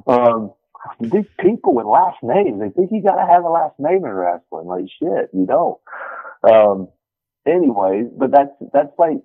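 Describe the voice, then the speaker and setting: A man's voice: medium pitch, very animated, unhurried, vocal fry, no echo. A man who wrestles, talking in a casual interview in a brash, folksy way and swearing freely. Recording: tinny phone line.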